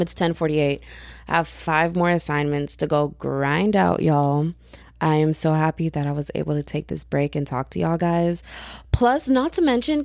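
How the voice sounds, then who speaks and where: A young woman from Texas hosting her own podcast in casual, rambling, slangy chat that keeps jumping up in pitch when she gets excited. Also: vocal fry, no echo. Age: young adult. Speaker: podcast host.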